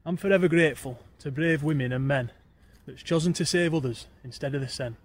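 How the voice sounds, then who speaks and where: A man's voice: a little high, a little fast. A man with a Yorkshire accent reciting his own rhyming poems in broad dialect, with a lilting rhythm. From Yorkshire, England. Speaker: guest poet.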